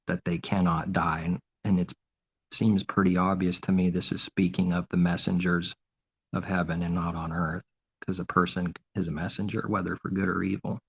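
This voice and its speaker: A man preaches an informal sermon in a deep, gravelly voice with a husky edge, firing off rhetorical questions and answering them himself. His tone turns mockingly sarcastic at times, and the recording sounds dull and lo-fi.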